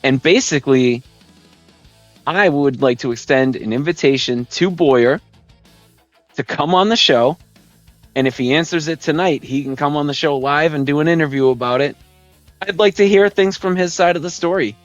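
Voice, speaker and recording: Male podcast host, mid-pitched voice, dry and slightly dull sound, rambles and laughs through stories. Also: moderate pace, no room sound, soft background music. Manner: rambling, chuckles often, fillers like "man" and "dude". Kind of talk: casual live-stream storytelling.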